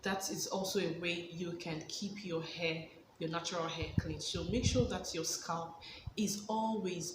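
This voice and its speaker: A woman's voice: fairly low pitch, fairly even intonation, normal speed. A woman giving casual hair care advice in a vlog, stressing points by repeating words. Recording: echoey room with background noise.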